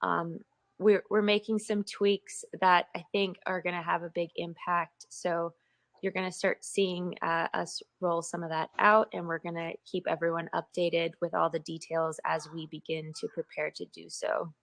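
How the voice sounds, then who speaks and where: A woman's voice: on the low side, flat delivery, moderate pace, creaky, fairly bright tone, dry recording. A woman on a project call giving a casual update, hesitant and restarting her sentences. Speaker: team member on a project call.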